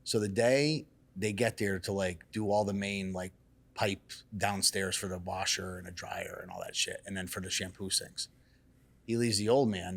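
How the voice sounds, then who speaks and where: A man, a salon owner, telling a story in casual chat, animated and cursing freely. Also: low-pitched, creaky, breathy edge. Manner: animated, acts out quotes in raised excited voices. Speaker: salon and barbershop owner, guest.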